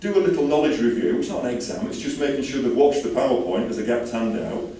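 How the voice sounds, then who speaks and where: A man's voice: mid-range voice, lively intonation, quick pace, dark tone. Enthusiastic man speaking in an echoey hall. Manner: enthusiastic, chatty, jokey asides. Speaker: conference speaker. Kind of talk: conference talk. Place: conference hall. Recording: roomy hall, distant mic, faint ambience.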